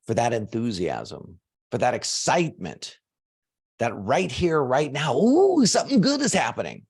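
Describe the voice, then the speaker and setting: A man coaching an audience on manifestation, talking casually and swinging from soft low asides to loud emphatic bursts. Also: huge pitch swings, unhurried, husky. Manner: casual, uses fillers like "like" and "you know". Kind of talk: motivational teaching talk to an audience.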